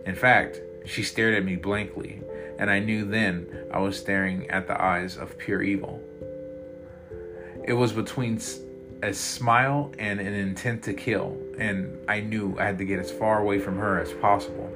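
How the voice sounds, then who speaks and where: A man narrating a dark first-person story in a dramatic, intense way. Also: lowish voice, steady tone, normal speed. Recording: loud guitar music behind.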